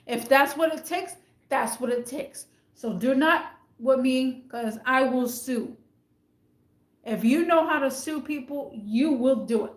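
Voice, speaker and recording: A woman's voice: high voice, measured pace, roomy sound. A woman venting in a casual rant to camera, emphatic and indignant, hammering her points by repeating them. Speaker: retail worker venting about managers.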